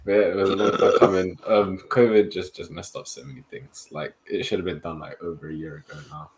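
A young man, telling a story in a casual podcast chat among friends, full of slang and lively retelling. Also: low voice, brisk. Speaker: podcast co-host.

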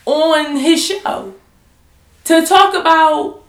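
A woman's voice: very high-pitched, extremely slow, roomy sound. A woman co-hosting a podcast, talking in a blunt, heated and profane way in casual chat. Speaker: podcast co-host.

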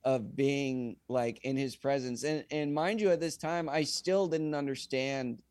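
A young man, a singer-songwriter guest on a podcast, telling a casual anecdote in an animated way and acting out the dialogue. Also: medium pitch, unhurried, no room sound. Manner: animated, acts out quoted dialogue.

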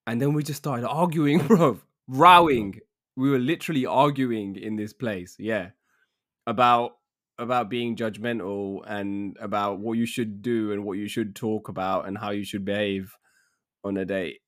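A young man, casually telling a dating story on a podcast, animated and laughing often. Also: on the low side, normal speed. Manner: animated, laughing often, says "bruv" a lot. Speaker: podcast co-host.

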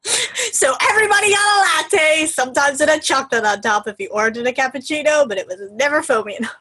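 A woman's voice: high-pitched, animated, fast, bright, forceful tone. A young woman in her twenties, co-hosting a podcast in chatty, casual talk and laughing often. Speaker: podcast co-host. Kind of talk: casual chat.

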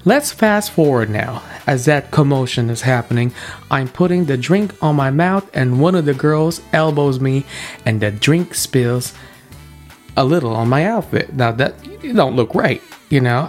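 A young man in his twenties hosting a podcast, telling a story in an animated, playful, self-mocking way. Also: mid-range voice, unhurried, faint music behind. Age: 20s. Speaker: podcast host.

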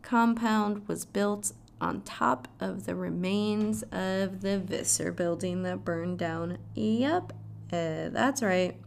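A woman's voice: medium pitch, takes it slowly, gravelly, slight background noise. A woman casually recapping a show's plot, swearing freely and adding dramatic asides. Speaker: show recap vlogger.

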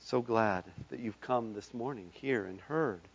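Male pastor for an altar call and benediction: fervent, building to loud impassioned calls, mid-pitched voice on a dull lo-fi recording. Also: a little slow, gravelly, husky. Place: church sanctuary.

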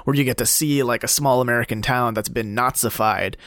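A man with a mid-pitched, everyday voice recaps a game's story in a loose, chatty way. He is relaxed and uses plenty of fillers. The recording is dry and close. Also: no room sound. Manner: relaxed, filler-heavy recaps, quick to laugh. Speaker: podcast co-host. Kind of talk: casual video game discussion.

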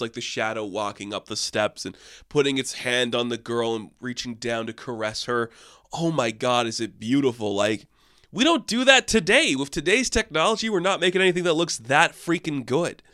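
A young man talks through a film review for his channel in a loose, animated way, throwing in the odd curse and playful quoted asides. His voice is bright and forceful at a middle pitch. The sound is close and dry. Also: clear, resonant tone, no room sound. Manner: animated, swearing, quotes people in acted asides. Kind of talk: casual film review monologue.

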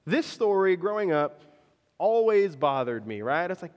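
A man's voice: high voice, big pitch swings, measured pace, darkish tone, in a large hall. A man preaching a sermon, telling stories and checking in with his listeners with "right?" after many lines. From Florida, US. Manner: storytelling, keeps checking in with "right?". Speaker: pastor.

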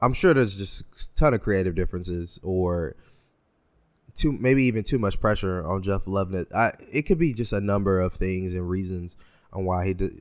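A man's voice: deep voice, normal speed. A man co-hosting a pop culture podcast, thinking aloud in a casual, hesitant way with frequent restarts. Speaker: podcast co-host.

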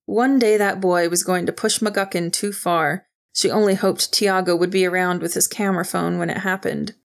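A woman reading a novel aloud in steady, even storytelling narration. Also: fairly low pitch, normal speed. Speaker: audiobook narrator. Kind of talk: scripted narration.

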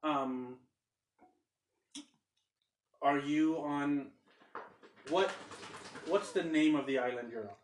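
A man's voice: fairly high pitch, slow, pauses often, roomy sound, a little hiss or hum. A man voicing a woman speaking through a snail phone, hesitant, with fillers.

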